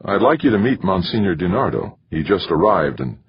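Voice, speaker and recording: A man with a husky voice voicing a friendly, practical man showing a newcomer around, in a dull lo-fi recording. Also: deep voice, very animated, a little fast, pitched above the performer's own voice, exaggerated voice.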